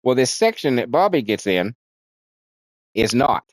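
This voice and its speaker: A man in a mid-range voice talks through a movie's plot in a loose, rambling way, swearing freely and restarting his sentences. When he quotes characters, his voice jumps up and gets more animated. The sound is dry and close, with no room echo. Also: mid-range voice, a little slow. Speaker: movie reviewer. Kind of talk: casual spoken movie recap.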